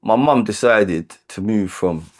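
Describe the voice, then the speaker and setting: A man with a London accent telling his own life story in a candid, halting way, often repeating words and using "like" as filler. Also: lowish voice. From London, England.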